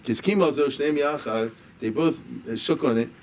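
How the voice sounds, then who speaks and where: A man's voice: on the high side, normal speed, darkish tone. A man teaching as a rabbi, reading a text line by line, explaining each with casual asides and checks like "right?". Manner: conversational, reads a line then paraphrases with asides and "right?". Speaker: rabbi lecturer. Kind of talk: explaining a liturgical poem in a lecture. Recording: distant mic with faint background noise.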